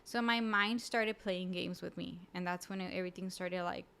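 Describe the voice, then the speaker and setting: A woman as a podcast guest, telling a personal story in an emotional, halting way with many fillers and restarts. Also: on the low side, steady tone, vocal fry, a bit bright, clean tone. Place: podcast studio.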